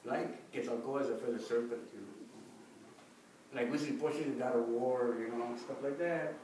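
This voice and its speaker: A man's voice: medium pitch, fairly even intonation, moderate pace, darkish tone. Man, folksy, repeats "you know", leads chants, distant mic, echoey room, faint noise. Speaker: speaker teaching Aztec calendar names. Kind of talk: talk with call-and-response chanting. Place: record shop event space.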